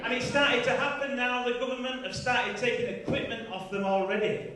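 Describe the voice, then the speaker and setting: A man in his fifties performs stand-up at a large comedy venue before a live audience, chatty and teasing the crowd with tag questions. His voice is extremely high-pitched, level in tone and brisk. The recording is echoey and taken from far off, with the crowd and audience laughter in the background.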